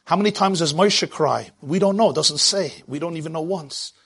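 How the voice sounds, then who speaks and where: A man's voice: fairly high pitch, moderate pace, a bit bright, breathy edge. A man giving a sermon in a dramatic delivery that rises and falls, quoting Hebrew verses.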